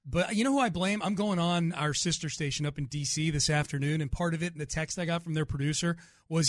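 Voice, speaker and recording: A man's voice: on the high side, fast talker, dry recording. A man hosting sports radio in a studio, chatting casually and poking fun at himself. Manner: self-deprecating, laughs easily. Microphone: studio mic.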